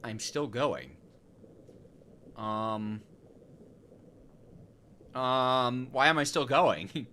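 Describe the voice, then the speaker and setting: Bright-voiced young man streaming a game. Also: mid-range voice, drawn-out words, long pauses, a little hiss or hum. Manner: joking, rambling, answers chat. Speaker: gaming streamer. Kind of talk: casual let's-play chat with viewers.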